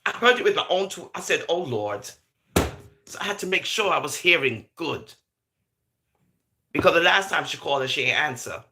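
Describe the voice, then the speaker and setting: Animated woman gossiping on stream. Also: low voice, moderate pace, pauses often, noisy background. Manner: animated, laughing, patois-flavored gossip talk. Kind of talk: casual live commentary.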